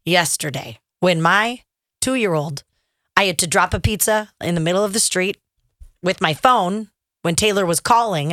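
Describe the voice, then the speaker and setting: A woman in her thirties co-hosting a talk show, telling a story in an animated way and laughing often. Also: medium pitch, no echo, clean studio sound. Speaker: radio show co-host. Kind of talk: casual storytelling chat.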